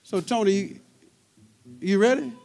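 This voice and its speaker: A man's voice: high-pitched, unhurried, creaky, a little mellow. A man emceeing a panel, teasing and introducing a drummer in a playful way. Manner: playful, teasing, repeats himself. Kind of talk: introducing and bantering on stage. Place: university symposium stage.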